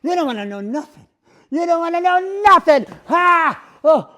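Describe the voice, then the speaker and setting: A man's voice: very high-pitched, very animated, normal speed, bright, forceful tone, voice pushed up, exaggerated voice. A man voicing a bitter, raging male ventriloquist dummy that sneers, mocks and bursts into fury. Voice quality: sneering, mocking, explosive outbursts. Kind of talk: solo ventriloquist-style performance.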